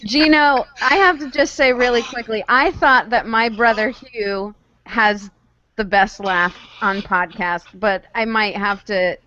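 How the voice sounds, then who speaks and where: Sarcastic woman podcaster, a bit high, muffled dry mic. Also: a little slow, sharp tone. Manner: wry, sarcastic. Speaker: podcast co-host. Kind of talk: casual podcast chat.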